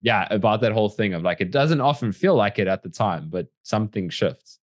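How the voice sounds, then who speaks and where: A man's voice: on the low side, animated, fairly quick, no room sound, studio quality. A man as the guest in a casual interview, talking reflectively and animatedly with many fillers.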